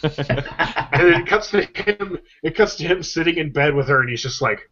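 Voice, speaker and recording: A man's voice: medium pitch, lively intonation, moderate pace, bright, forceful tone. A man chatting on a podcast, animatedly retelling comic strips and acting out the characters' lines. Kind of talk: casual chat. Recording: dull lo-fi podcast recording.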